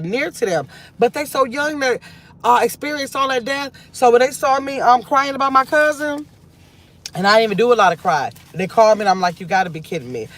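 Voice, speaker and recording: A middle-aged grandmother hosting a casual live chat from her car, rambling and reflective as she reads viewer comments aloud. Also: mid-range voice. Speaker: livestream host.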